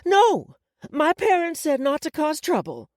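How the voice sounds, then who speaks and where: A woman voicing a tearful, stubborn eleven-year-old girl in an audiobook, with high, shrill outbursts. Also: big pitch swings, a little slow, darkish tone, no room sound, clean studio sound, heavily acted. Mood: pleading.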